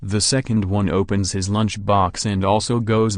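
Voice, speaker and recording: A man reading a string of jokes aloud in a flat, even delivery. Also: lowish voice, measured pace, hardly any pauses, no echo, studio quality. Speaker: joke narrator. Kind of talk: scripted joke reading.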